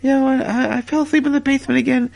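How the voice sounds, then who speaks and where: Stammering, creaky-voiced comic podcast host. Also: male voice, very high voice, fairly even intonation, racing, darkish tone. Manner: stammering, repetitive, chuckling storyteller. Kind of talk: comedic wrestling podcast rambling.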